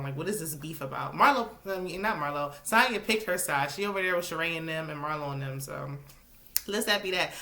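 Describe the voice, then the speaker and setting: A sassy woman with a lowish, bright, forceful voice chats through her reality TV recap. She drops into asides and shoots up into high exclamations when something annoys her. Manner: sassy, animated commentary with sudden high-pitched exclamations. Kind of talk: casual chat.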